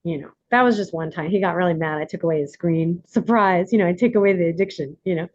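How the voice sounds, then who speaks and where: A woman's voice: fairly low pitch, fast talker, lo-fi sound, slight background noise. A woman in her forties hosting a workshop, talking casually and animatedly to the group. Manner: animated, warm coaching tone with laughs. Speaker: workshop host.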